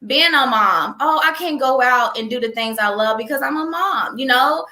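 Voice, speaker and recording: A young woman, a guest, chatting in an interview with an animated storytelling manner. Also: high-pitched, normal speed, reverberant. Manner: animated storyteller, laughs often. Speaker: guest, entrepreneur. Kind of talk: casual interview chat.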